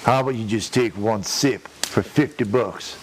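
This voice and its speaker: A crude, long-winded redneck played by a man spins a prank-call joke in a lowish voice. He drawls very slowly and stumbles through every sentence with uh and restarts. Faint rain patters behind him. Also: a little hiss or hum, close to an everyday voice, poor audio. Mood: drawling. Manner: drawling, hesitant, full of uh and restarts; crude, chuckles at his own story. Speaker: prank caller telling a joke.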